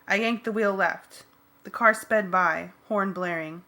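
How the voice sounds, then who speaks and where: A woman reading an adventure novel aloud in first person, lively and wry. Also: mid-range voice, measured pace. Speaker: audiobook reader. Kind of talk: first-person audiobook narration.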